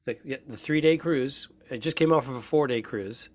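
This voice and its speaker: A man's voice: medium pitch, normal speed, over a noisy crowd. A man co-hosts a comedy podcast with a mid-range voice. He tells stories in a blunt, crude, offhand way, the kind of casual chat you hear between old friends. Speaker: podcast co-host.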